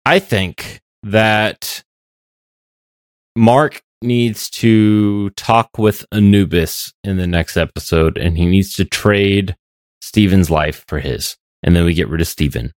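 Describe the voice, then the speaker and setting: Slow, deep-voiced man rambling in chat. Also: no room sound, clean studio sound. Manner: rambling, hesitant, many fillers and restarts. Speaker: podcast co-host. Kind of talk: casual chat.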